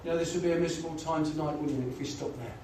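A man's voice: on the high side, fairly even intonation, racing, dark tone. A man preaching a gospel sermon, earnest and pleading, often saying "you know". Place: church or gospel hall. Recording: echoey hall, voice from far off, faint noise.

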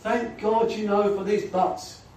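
A man's voice: high-pitched, flat delivery, a little slow, mellow. A man preaching a gospel sermon, earnest and pleading, often saying "you know". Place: church or gospel hall. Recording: echoey hall, voice from far off, faint noise.

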